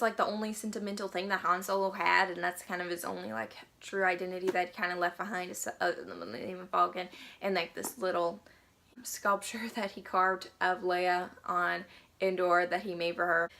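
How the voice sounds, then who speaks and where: A woman's voice: fairly low pitch, bright, forceful tone. A young woman talking casually to her viewers in a vlog, chatty and full of fillers, reviewing a book. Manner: chatty, many fillers like "like" and "kinda". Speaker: vlogger reviewing a novel.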